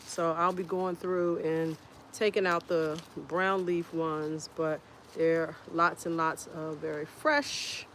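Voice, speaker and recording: A woman hosting a casual homestead live stream outdoors, chatting in an unhurried way and greeting viewers by name. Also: deep voice, level tone, a bit bright. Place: outdoors in a windy garden. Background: faint wind and outdoor ambience.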